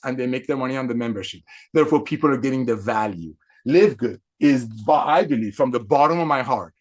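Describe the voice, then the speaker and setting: A man speaking as a company executive to his affiliates, in an excitable motivational sales talk full of repetition and emphatic, preacher-like stresses. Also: a little high.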